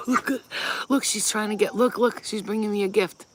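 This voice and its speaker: Out in a yard, a woman who works as a spiritual healer chats to her viewers casually and emphatically, swearing freely as she talks to camera. Her mid-range voice moves a little fast, and the rough recording carries some hiss or hum.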